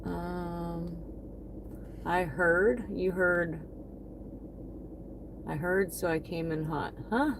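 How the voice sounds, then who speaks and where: A woman's voice: fairly low pitch, steady tone, drawn-out words, long pauses, background noise. A woman chatting casually on a livestream, thanking her viewers one by one by name. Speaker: livestreaming delivery driver.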